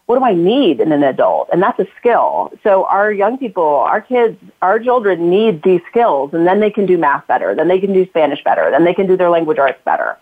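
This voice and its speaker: A woman's voice: lowish voice, sing-song, brisk, hardly any pauses. Talkative woman author on a tinny line. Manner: talkative, acts out quoted lines to her kids. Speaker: author and guest. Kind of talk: casual interview talk.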